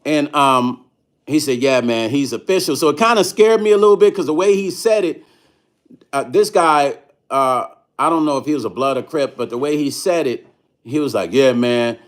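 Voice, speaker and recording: A middle-aged man from Chicago telling a story on his livestream, animated and laughing often, acting out the other people's lines. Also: a little high, normal speed. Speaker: vlogger and musician.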